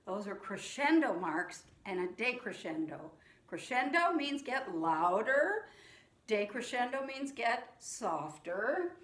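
A middle-aged woman teaching young children in a sing-along music lesson, speaking gently and patiently. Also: fairly high pitch, big pitch swings, slow pace, reverberant.

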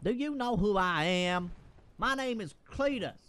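A man's voice: high voice, animated, unhurried, fairly bright tone, clean tone, voice pushed up. A man putting on brash braggart Cletus. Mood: taunting. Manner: boastful, taunting. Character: cocky trash-talking male gunslinger Cletus.

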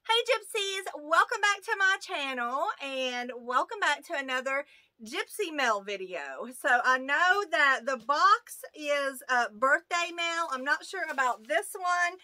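A woman with a rural American accent hosting a casual unboxing video, excitable and gushing as she talks to her viewers. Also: sits high, measured pace, dry recording. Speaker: YouTube channel host. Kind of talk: casual unboxing of fan mail.

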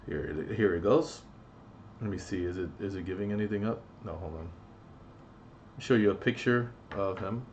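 A man's voice: fairly low pitch, highs cut off. A young man telling a story on his vlog in a blunt, rambling, profane way, with lots of fillers. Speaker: vlogger.

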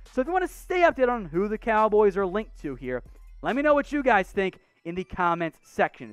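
Give me an animated, blunt sports host. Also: medium pitch, no echo. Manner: blunt, opinionated and sarcastic; animated, rapid-fire ranting with restarts. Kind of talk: casual mailbag commentary answering viewer questions.

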